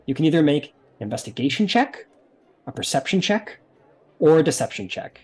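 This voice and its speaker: A man's voice: a little high, very animated, a little fast, a little mellow, breathy edge. A man narrating as game master of a tabletop game in a casual, explanatory, rambling way.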